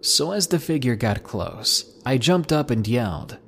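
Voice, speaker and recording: A man with a slightly husky voice reading out submitted camping horror stories in a lively narration, dropping low and hushed at the tense moments. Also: a little slow. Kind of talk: scripted horror story narration.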